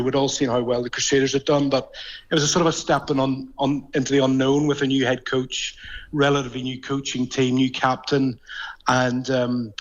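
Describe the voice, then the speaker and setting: Belfast man, radio sports guest, hesitant with ums, mid pitch, muffled lo-fi line. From Northern Ireland. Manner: hesitant, many ums and restarts. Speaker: guest rugby journalist. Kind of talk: casual radio interview chat.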